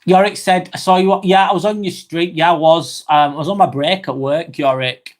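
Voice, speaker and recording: A man hosting a slow, rambling live-stream vlog, reading out viewer comments with many fillers and apologies, a little under the weather. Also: a little high, fairly even intonation. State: slightly under the weather, occasional cough.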